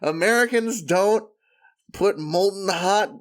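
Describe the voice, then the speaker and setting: A man's voice: high voice, slow pace, a bit bright. A man co-hosting a casual comedy podcast, riffing with silly, exaggerated jokes. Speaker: podcast co-host.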